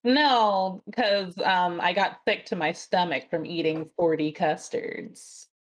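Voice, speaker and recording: A woman's voice: fairly low pitch, slow pace. A woman casually chatting as a player in a tabletop game, playful and talkative.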